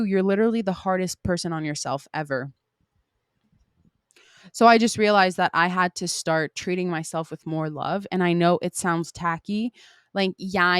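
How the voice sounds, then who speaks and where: A young woman speaks into a close mic in a dry, deadened space, her voice sitting a little low for a woman. She hosts a solo podcast in a candid, emphatic, casual way, peppering her talk with "like" and the odd curse. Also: clear, resonant tone, no room sound. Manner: candid and emphatic, frequent swearing and "like" fillers. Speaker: podcast host.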